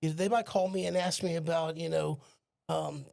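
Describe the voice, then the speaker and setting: A man's voice: on the high side, steady tone, moderate pace, vocal fry, a little mellow, dry recording, clean studio sound. A man with a Southern US accent, a podcast guest, telling polite anecdotes in casual conversation. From American South.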